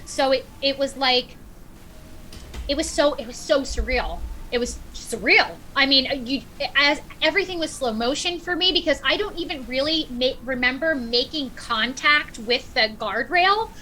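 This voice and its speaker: Woman guest, middle-aged, lively storyteller, bright higher voice, faint background hiss. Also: moderate pace, rough recording. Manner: animated storyteller, acts out quotes. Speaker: podcast guest. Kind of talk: casual storytelling.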